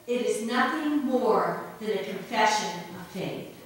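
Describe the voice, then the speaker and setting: A woman pastor preaching a sermon earnestly, swinging between emphatic lines and hushed ones. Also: medium pitch, animated, measured pace. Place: church sanctuary. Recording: echoey church hall from far off.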